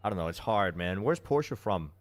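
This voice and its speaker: Low-voiced streamer chatting casually. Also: male voice, animated, moderate pace, a little hiss or hum. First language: Danish. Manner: chatty, answers chat readers, loose and joking. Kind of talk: casual live-stream chat.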